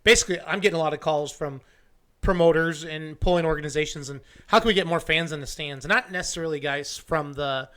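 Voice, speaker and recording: Excitable man hosting a live stream. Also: a little high, fast talker. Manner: excitable, restarts sentences, goofy. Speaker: show host. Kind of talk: casual live-stream chat.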